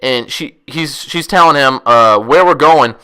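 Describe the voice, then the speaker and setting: A young man telling a wild story casually, profane, rambling and excitable. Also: mid-range voice, a little slow, clean tone. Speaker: vlogger.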